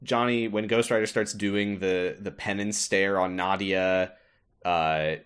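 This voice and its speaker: Man, low-ish voice, podcast co-host, halting recap, dry humor. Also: steady tone, a bit bright, smooth. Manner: halting, dry jokes, many restarts. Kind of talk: casual movie-review chat.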